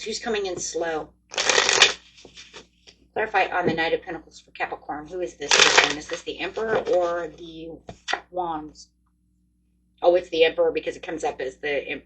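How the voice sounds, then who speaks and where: A woman giving a casual tarot reading, chatty and excitable, talking straight to her viewers. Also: sits low, heavy background noise. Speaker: tarot reader.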